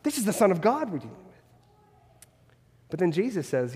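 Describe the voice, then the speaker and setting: A man's voice: sits high, sing-song, a little fast, a little mellow, long reverb tail. A man preaching a sermon as pastor, earnest and fond of repeated rhetorical questions.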